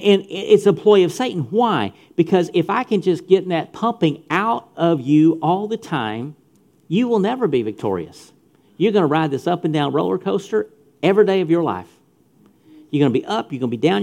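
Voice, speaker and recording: A middle-aged pastor gives an emphatic youth sermon, repeating phrases and speaking right at his listeners. His high voice is animated, gravelly yet a bit mellow, and runs a little fast.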